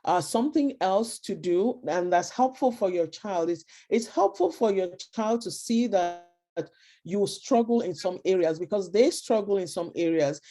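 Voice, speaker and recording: A woman's voice: mid-range voice, animated, normal speed, mellow. A woman giving earnest parenting advice in an online talk over a video call, acting out short example quotes. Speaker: guest speaker on parenting.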